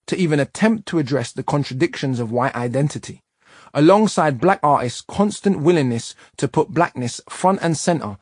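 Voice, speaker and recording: A man reading a nonfiction audiobook in a measured, emphatic way. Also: medium pitch, slightly rough, dry recording, clean studio sound. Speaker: audiobook narrator.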